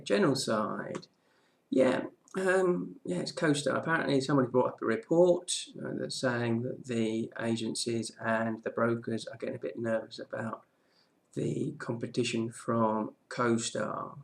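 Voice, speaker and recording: A man's voice: medium pitch, creaky. A man presenting a casual daily property market news update, chatty, with frequent "okay"s and restarts.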